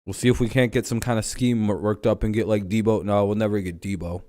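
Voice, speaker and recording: A livestream host chats casually about football, rambling, joking, and swearing plenty. His voice is lowish and warm, with a steady tone and fast delivery.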